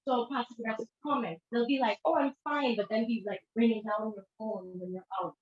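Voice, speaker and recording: Her voice a little high and mellow, with fairly even intonation and a fairly quick pace, a woman therapist presents an informal lecture. She talks conversationally, switching voices to act out the lines she quotes. The recording is lo-fi and dull, in an echoey room.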